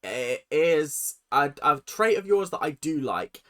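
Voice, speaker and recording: Reaction host, animated, sharp-edged voice, opinionated commentary. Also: mid-range voice, slow. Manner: animated and opinionated, sometimes sarcastic.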